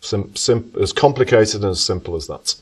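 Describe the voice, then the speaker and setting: A man's voice: on the low side, moderate pace, husky. A man giving an economics talk to an audience and answering questions, thoughtful and emphatic, often correcting himself as he goes. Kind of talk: lecture with audience Q&A. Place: lecture room. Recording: voice from far off the mic.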